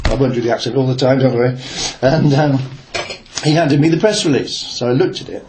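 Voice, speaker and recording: An older man reminisces in an oral-history interview, his story meandering through hesitations and restarts. His voice sits at an ordinary pitch, and a faint hiss of noise lies under the recording. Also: fairly quick. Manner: rambling, hesitant, with many fillers and restarts. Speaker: interviewee, former newspaper reporter.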